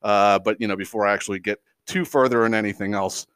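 His voice is on the low side and smooth, moving at a quick pace with no echo. A middle-aged podcast host, he rants casually and comedically, using heavy profanity, laughing frequently, and telling stories with animation.

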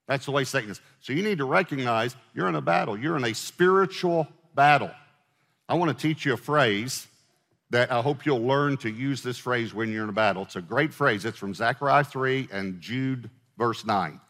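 This middle-aged pastor's medium-pitched voice is animated and fairly bright, at a normal speed. He preaches conversationally and casually, throwing questions to the congregation and joking with them, while a long hall reverb fills the recording.

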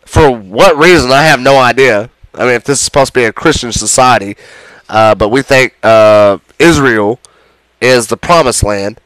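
A man's voice: medium pitch, normal speed, fairly bright tone, no echo. A man in a heated, profane, sarcastic political rant to the camera.

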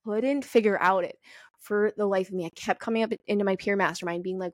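A young adult woman hosting a solo podcast, telling personal stories in a candid, profane, animated way. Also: mid-range voice, fairly quick, no room sound, clean studio sound. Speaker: podcast host. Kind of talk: casual solo podcast monologue.

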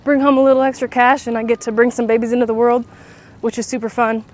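A woman's voice: on the high side, flat delivery, fast talker, darkish tone. A woman in her twenties hosting a casual podcast while walking around her neighborhood outdoors, slightly out of breath, chatty and rambling with lots of fillers. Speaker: podcast host.

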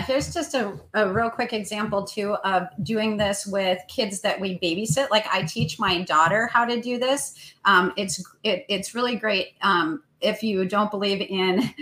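A woman in her thirties, co-hosting a casual parenting talk, telling a story gently with many fillers. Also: medium pitch, low-quality recording. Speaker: co-host.

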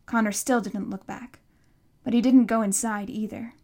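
A woman narrating an audiobook in a steady, expressive storytelling manner. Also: medium pitch, unhurried, gravelly. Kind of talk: audiobook reading.

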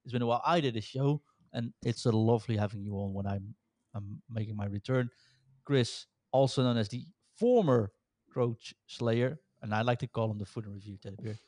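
A man's voice: medium pitch, a little fast, darkish tone, no echo, clean studio sound. A man in his thirties hosting a podcast, chatting casually and joking with frequent laughs. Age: 30s. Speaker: podcast host. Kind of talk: casual chat.

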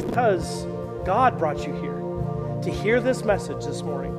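A middle-aged man preaching a sermon as pastor, telling stories in an animated way and acting out the quotes. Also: high voice, moderate pace, in a large hall, over loud music. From Canada. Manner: animated storytelling, acts out quotes. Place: church service.

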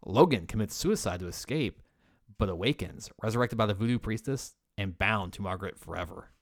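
A man's voice: lowish voice, fairly quick, dry recording, studio quality. A man co-hosting a horror podcast, chatting casually, swearing now and then and reading out the episode credits. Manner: laid-back, swears, reads out credits. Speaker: podcast co-host.

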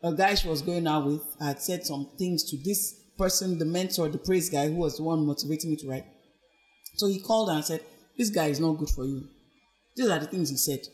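A woman speaking as a podcast guest about her own experiences. She tells her story in an earnest, reflective way. She brings the quoted voices of others to life with lively, expressive shifts in pitch. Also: a little fast. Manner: animated, acts out quoted speech with big pitch swings. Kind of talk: personal storytelling in conversation.

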